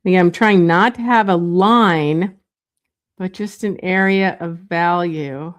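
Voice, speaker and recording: A woman walks viewers through a drawing lesson at an unhurried pace. She thinks aloud as she works, with plenty of pauses and fillers. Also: on the low side. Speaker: art teacher. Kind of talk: drawing tutorial.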